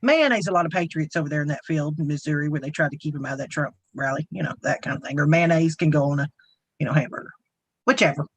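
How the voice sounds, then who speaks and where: A woman's voice: sits low, quick pace, slightly rough, no echo. A woman with a Southern US accent, co-hosting a casual round-table livestream in a folksy, rambling way. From Southern United States. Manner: chatty, folksy, rambling with frequent restarts. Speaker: co-host.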